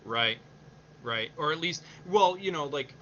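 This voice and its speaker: A man's voice: on the high side, expressive, unhurried, a bit bright. A man co-hosting a casual streamed chat, easygoing and agreeable, laughing often. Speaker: podcast co-host. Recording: slightly muffled mic with faint hiss.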